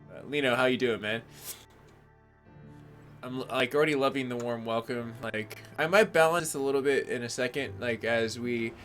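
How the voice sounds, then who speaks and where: A man's voice: medium pitch, normal speed, a bit bright, faint music behind. A man streaming a video game live, chatting casually and greeting viewers by name in laid-back slang.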